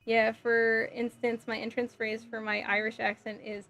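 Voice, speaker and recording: A woman's voice: fairly high pitch, monotone, moderate pace, creaky, a bit bright, soft background music. A woman live streaming as she builds a model kit, chatting with viewers in a sassy, giggly way. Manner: sassy, playful, giggly, reacts to chat messages.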